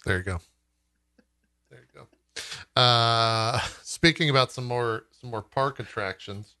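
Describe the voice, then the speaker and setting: A man co-hosting a podcast in casual chat, relaxed and pausing often with "uh". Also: mid-range voice, clean tone, dry recording, clean studio sound. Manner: relaxed, frequent "uh" pauses. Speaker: podcast co-host.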